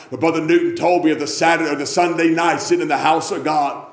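Guy preaching revival, gets loud and fired up, big echoey church. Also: steady tone, fast talker, few pauses. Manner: swings from quiet storytelling to shouted, high-pitched fervor. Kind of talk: revival sermon.

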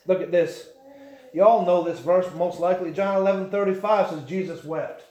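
A man preaching a sermon, building into shouted emphasis. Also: high voice, steady tone, normal speed, highs cut off. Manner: impassioned, rising to shouts. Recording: echoey church room.

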